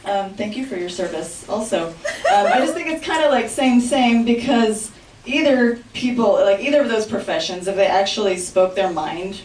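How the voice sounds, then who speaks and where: A woman's voice: mid-range voice, moderate pace, a little mellow. A woman in her thirties, a mother and comedy student, trying out a stand-up set with hesitant ums and giggles. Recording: echoey room, far from mic, clear noise.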